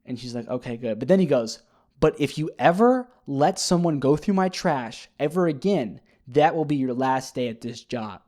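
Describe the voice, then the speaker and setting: A man talking casually on his own, retelling a TV episode in a rambling, animated way with many fillers and restarts. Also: fairly high pitch, normal speed. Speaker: podcast host. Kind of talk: casual solo recap chat.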